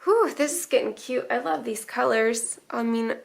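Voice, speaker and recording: Chatty young woman with a gravelly edge. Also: fairly high pitch, moderate pace. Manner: chatty, rambling, emotional, laughs often. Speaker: planner vlogger. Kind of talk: casual chat while decorating a planner.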